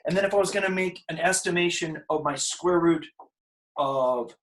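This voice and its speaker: A man's voice: a little high, normal speed, slight background noise, poor audio. A man teaching a casual math lesson, working problems aloud with jokes and asides. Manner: joking, thinks aloud while working problems. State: out of breath.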